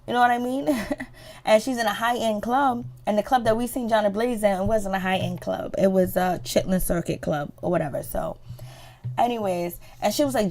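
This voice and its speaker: A woman's voice: moderate pace, darkish tone. A woman giving a casual, chatty recap of a reality show, swearing freely and acting out the people's lines. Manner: chatty, swearing, acts out quotes with rising pitch.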